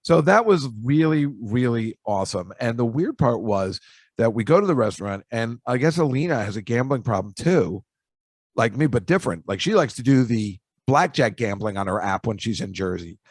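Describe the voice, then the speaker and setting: A man hosting a podcast, rambling through stories with jokey asides and a chatty, offhand delivery. His voice sits at an ordinary middle pitch. It is recorded close and dry, with no room sound. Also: lively intonation, moderate pace, slightly rough, dry recording. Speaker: podcast host. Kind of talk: casual storytelling monologue.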